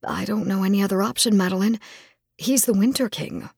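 A woman voicing a breathy, wry young nobleman. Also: mid-range voice, brisk, darkish tone, dry recording, studio quality. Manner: easygoing, wry, teasing.

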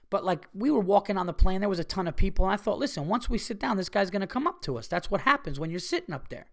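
A man telling a story in a casual, animated way, swearing freely and acting out the people he quotes. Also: on the high side. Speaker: podcast host.

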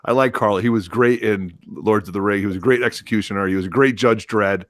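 Low-voiced man, easygoing podcast chat. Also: a little fast, a bit bright, no echo, clean studio sound. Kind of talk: casual chat.

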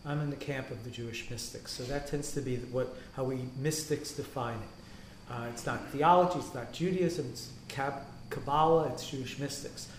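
A rabbi, a man, talking on a panel in an animated way and acting out the quotes he tells. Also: mid-range voice, moderate pace, slight background noise. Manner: animated storytelling, acts out quotes. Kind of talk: panel discussion talk. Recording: roomy echo.

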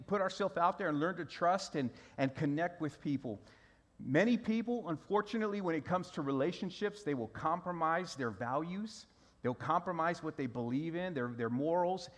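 A middle-aged man, preaching a sermon in a loose storytelling way, often restarting his sentences. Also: sits high. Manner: conversational storytelling with repeated restarts. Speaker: pastor.

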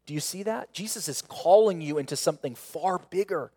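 A man pastor preaching a sermon, earnest, with rhetorical questions and repeated phrases, swelling to emphatic peaks and then falling quiet and intimate. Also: a little high, brisk, husky, in a large hall.

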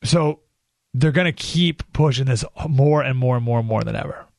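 A man's voice: mid-range voice, moderate pace, gravelly, no echo, clean studio sound. A man hosting a political talk radio show, speaking emphatically and sarcastically. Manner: emphatic, sarcastic, with short laughs.

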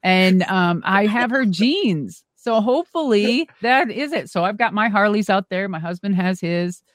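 A middle-aged woman, a former wrestler and monster truck driver, telling animated stories as a guest and swearing freely. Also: mid-range voice, unhurried, dry recording. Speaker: interview guest. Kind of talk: casual storytelling.

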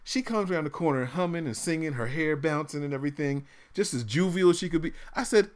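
A man's voice: a little high, lively intonation, fast talker, few pauses. A man in his thirties telling stories animatedly in a casual podcast chat, laughing often. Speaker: podcast co-host.

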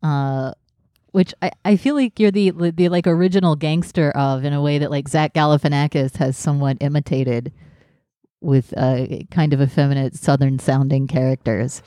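A man with a mellow, dark voice hosts a casual podcast, joking and rambling from one thought to the next. The sound is dry and close. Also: fairly high pitch, steady tone, normal speed, dry recording. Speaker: podcast host.

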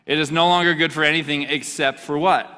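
A man's voice: a little high, steady tone, fairly quick, bright, forceful tone. Playful man preaching in a hall. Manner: playful, joking, quizzing the audience. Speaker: youth pastor. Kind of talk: interactive sermon with a youth group.

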